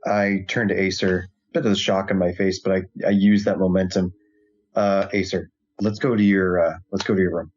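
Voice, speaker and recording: A man's voice: low voice, little pitch movement, normal speed. A man playing a character in a tabletop role-playing game, speaking earnestly in character. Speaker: player. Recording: muffled lo-fi audio.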